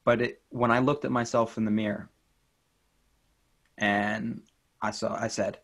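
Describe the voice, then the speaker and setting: Interview guest, man, coach type, lowish voice, earnest and encouraging. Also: level tone, a little slow. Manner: earnest, gentle and encouraging, with repetition for emphasis. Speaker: inner child life coach. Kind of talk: interview guest, reflective talk.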